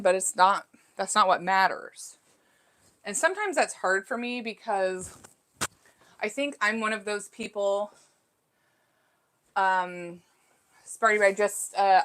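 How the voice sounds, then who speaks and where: This live stream host, a middle-aged woman chatting casually from home, reads viewers' comments aloud and reflects on her own life with lots of fillers and restarts. Her voice is mid-range and a bit bright.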